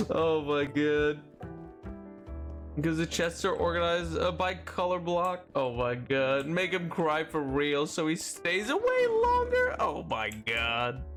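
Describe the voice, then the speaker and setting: A man's voice: a little high, a bit bright. A young man streaming a game, chatting casually and rambling, reading chat aloud with playful indignation.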